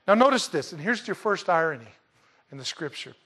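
A man delivers a sermon with a slightly raised pitch for his sex. He jokes with his listeners and swings from loud, emphatic lines down to quiet asides. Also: brisk, slightly rough. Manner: lively, joking, dramatic swings in loudness. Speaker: pastor.

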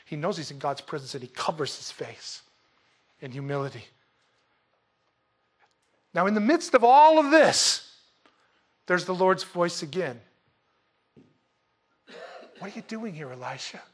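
High-voiced guy preaching a sermon, gets loud on the verses then goes quiet, cracks little jokes to the crowd. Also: unhurried, pauses often. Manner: animated, swings from loud emphatic reading to soft hushed asides; humorous, conversational asides to the congregation. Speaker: pastor.

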